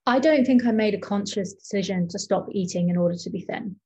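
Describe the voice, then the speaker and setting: A young adult woman speaking candidly as an interview guest, reflective and hesitant, with many pauses and ums. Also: medium pitch, darkish tone. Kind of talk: candid personal interview talk.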